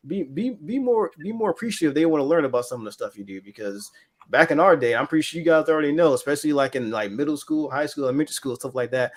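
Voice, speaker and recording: A man's voice: fairly high pitch, lively intonation, quick pace. A man talking as a guest on a casual gaming podcast, earnest and rambling with many restarts. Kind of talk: casual chat.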